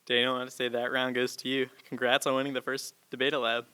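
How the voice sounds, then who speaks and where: A man's voice: medium pitch, level tone, quick pace, bright, forceful tone, clean tone, no echo. A teenage boy hosting a comedy debate contest, with an upbeat, announcer-like delivery. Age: teens. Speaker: host of a debate game.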